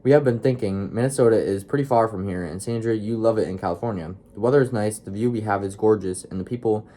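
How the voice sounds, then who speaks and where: A young man reading the lines of a calm father who reassures and persuades his family. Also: lowish voice, fast talker, close to an everyday voice. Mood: persuasive.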